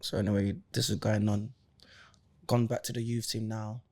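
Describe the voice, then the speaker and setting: A man's voice: lowish voice, moderate pace. A man from East London with an East London accent, a guest on a podcast telling his stories with heavy slang and acting out the people in them. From East London, England. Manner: animated storyteller, heavy London slang, acts out quoted voices. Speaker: interview guest, former footballer and rapper. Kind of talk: casual podcast storytelling.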